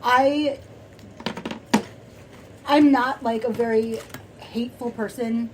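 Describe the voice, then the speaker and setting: Soft-spoken rambling woman. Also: on the high side, steady tone, slow, noisy background. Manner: soft-spoken, rambling with many fillers and restarts. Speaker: podcast co-host. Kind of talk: casual chat.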